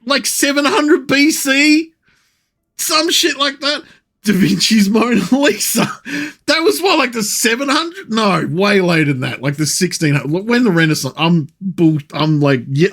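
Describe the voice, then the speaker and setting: A man's voice: extremely high pitch, fairly bright tone. A man streaming live, ranting and swearing with frequent laughter as he comments. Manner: profane, ranting, laughing often.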